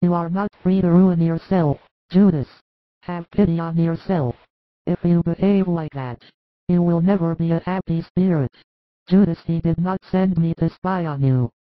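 A woman voicing a gentle, devout mother who pleads earnestly, read as audiobook dialogue. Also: fairly low pitch, steady tone, moderate pace, no echo, close to an everyday voice. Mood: pleading. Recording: dry, tinny phone-like sound.

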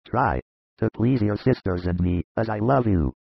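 A man's voice: on the low side, expressive, moderate pace, gravelly, slightly rough, no echo, dull audio, full character voice. A man voicing an older male disciple who speaks in an earnest, fatherly way, in a dramatized audiobook reading.

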